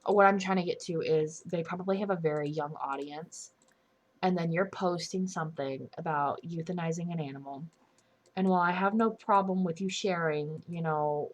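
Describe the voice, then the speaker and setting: A young woman talks straight to camera in an opinion vlog, voice sitting a little low. She sounds indignant and earnest, and she keeps restarting and correcting her own sentences as she goes. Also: normal speed. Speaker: commentary YouTuber.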